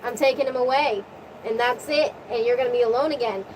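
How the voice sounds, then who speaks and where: A woman quoting a brisk, hurried male messenger god. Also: a little high, distant mic, slight background noise, lightly acted, rough recording.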